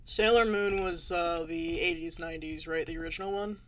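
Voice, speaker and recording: A young woman with a low voice chats with a friend during a gaming stream. She answers in short, dry quips. Her tone stays casual and easygoing. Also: fairly even intonation, fairly quick, faint music behind. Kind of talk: casual chat while gaming.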